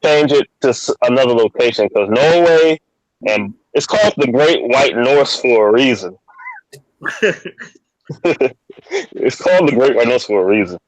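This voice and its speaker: A man co-hosting a podcast in casual chat, relaxed and talking in repeated short phrases. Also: mid-range voice, unhurried, long pauses, dry recording, rough recording. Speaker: podcast co-host.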